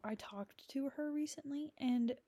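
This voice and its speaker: A woman's voice: high voice, unhurried, mellow, dry recording. A young adult woman hosting a podcast, talking through friendships in a rambling, candid way, with lots of fillers and blunt swearing. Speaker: podcast host. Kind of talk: candid casual monologue.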